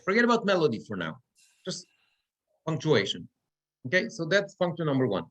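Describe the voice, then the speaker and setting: A man's voice: on the high side, sing-song, a little fast, muffled recording. A cantor teaching Torah reading in a classroom, explaining step by step and checking in with his students often. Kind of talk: classroom lecture. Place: synagogue classroom.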